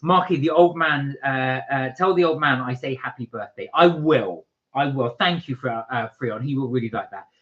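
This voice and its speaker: A man's voice: medium pitch, normal speed, fairly bright tone, highs cut off. A man co-hosting a casual live stream from England, chatting and reading viewer comments aloud.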